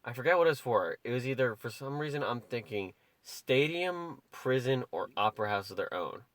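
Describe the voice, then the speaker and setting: A man's voice: mid-range voice, expressive, moderate pace, fairly bright tone, no room sound. A young man co-hosting a podcast in casual chat, telling stories in a rambling way full of "like". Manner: rambling, filler-heavy storytelling with many "like"s. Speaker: podcast co-host.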